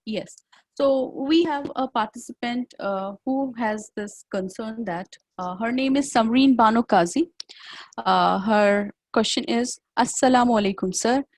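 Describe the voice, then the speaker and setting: A woman's voice: on the high side, measured pace, no room sound. A woman moderating an online webinar, reading participants' questions to the speaker. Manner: reads a question out in full.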